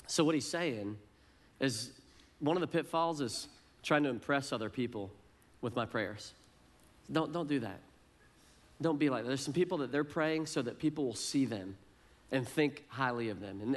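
A middle-aged man preaching a sermon in an easygoing, conversational way. He pokes fun at himself and often repeats the first words of a phrase before he gets going. His voice sits at an ordinary pitch for a man. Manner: conversational, self-deprecating, repeats words when starting phrases. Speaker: pastor.

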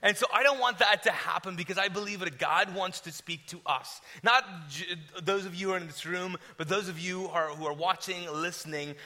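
A male pastor with a high voice and a strikingly bright, forceful tone. He preaches with lively, self-mocking humor and animated storytelling. He also leads his congregation in prayer. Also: fairly quick, few pauses. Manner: energetic, joking, self-deprecating. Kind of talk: sermon and prayer.

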